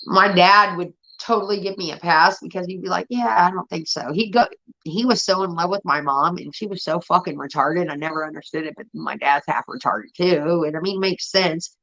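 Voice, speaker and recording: A woman in her thirties, voice on the low side and brisk, streams casual, profane stories about her family. She's animated and acts out her relatives, and the audio is dull and lo-fi.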